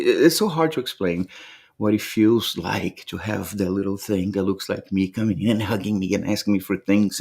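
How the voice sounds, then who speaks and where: Earnest low-voiced man musing aloud. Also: creaky, darkish tone. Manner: earnest and heartfelt, often repeats words. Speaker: motivational vlogger. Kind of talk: reflective motivational monologue.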